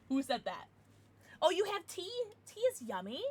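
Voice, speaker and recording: Woman streamer in her thirties, bubbly, laughs a lot, raised pitch, lively swoops while chatting with viewers. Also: normal speed. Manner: bubbly, laughs often, reacts to chat. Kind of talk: casual livestream chat.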